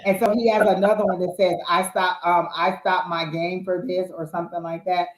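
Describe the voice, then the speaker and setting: Woman, low voice, tarot reader, chatty, reassuring, rambling, roomy echoey sound. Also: flat delivery, a little fast. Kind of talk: live-stream tarot reading chat. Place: home.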